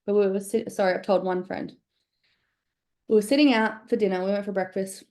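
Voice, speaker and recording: A woman's voice: mid-range voice, steady tone, fairly quick, darkish tone. A woman teaching a live business workshop in a conversational, candid way, often checking in with "right?". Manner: conversational, frequent "right?" check-ins, casual swearing. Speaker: business coach.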